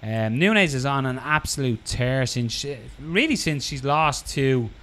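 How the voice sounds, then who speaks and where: A man hosting a casual sports podcast, laughing easily and firing off quick questions. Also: medium pitch, expressive, fairly bright tone. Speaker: podcast host.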